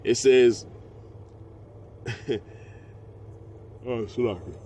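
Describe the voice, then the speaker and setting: A man teaching scripture, reading verses slowly and breaking into slangy, profane asides. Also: medium pitch, warm tone, slight background noise. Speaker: preacher. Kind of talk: scripture teaching with street talk.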